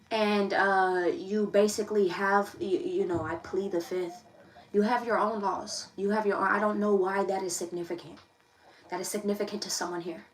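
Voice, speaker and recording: A woman's voice: mid-range voice, steady tone, moderate pace, a little hiss or hum, rough recording. A young woman, reading tarot casually to camera in a confiding, emphatic way that repeats itself. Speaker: tarot reader.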